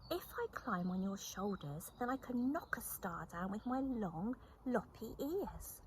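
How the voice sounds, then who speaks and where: Woman doing an excitable high-pitched rabbit. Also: measured pace, slight background noise, natural voice. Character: excitable young male rabbit with long ears.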